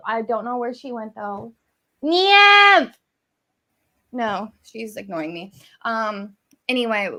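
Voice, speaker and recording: A woman guest host telling a story in casual chat, animated and laughing often. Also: medium pitch.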